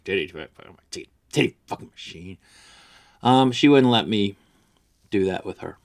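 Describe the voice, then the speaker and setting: A man's voice: fairly low pitch, expressive, moderate pace, vocal fry. A man ranting crudely about an ex, boastful, vulgar and rambling, as a comedy vlogger.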